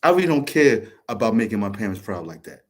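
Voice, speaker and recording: Here the host's voice sits on the low side, and he talks fast and very animatedly to the camera. It's a passionate, rambling casual monologue in which he swears a lot, restarts sentences and repeats words.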